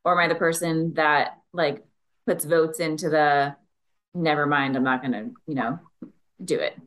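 A woman's voice: low-pitched, fairly even intonation, normal speed, fairly bright tone. A woman co-hosting a podcast, talking in an encouraging, reflective way. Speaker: podcast co-host. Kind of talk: casual chat.

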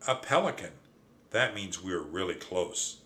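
A man voicing a calm clever mouse sister. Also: sits low, unhurried, full character voice. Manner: calm and reasoning. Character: clever practical young female mouse sister.

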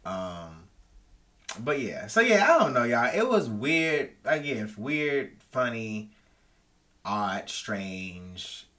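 Bright-voiced man, laid-back slangy chat. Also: mid-range voice, very animated, slow. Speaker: podcast co-host. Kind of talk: casual chat.

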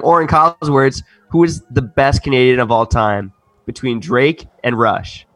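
A young man co-hosting a podcast, making his case in relaxed, casual banter. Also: mid-range voice, moderate pace, soft background music. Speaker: podcast co-host.

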